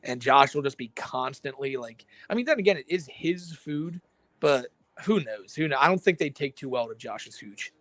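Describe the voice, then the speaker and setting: A man's voice: medium pitch, animated, moderate pace, fairly bright tone, no room sound. A man co-hosting a livestream show, talking in a rambling, laid-back way with plenty of swearing. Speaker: podcast co-host. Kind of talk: casual livestream banter.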